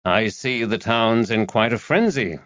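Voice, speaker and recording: A man voicing a soft-spoken, courteous earl with a New England accent. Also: lowish voice, animated, measured pace, no room sound, muffled recording. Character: gentle American earl, soft-spoken scholar.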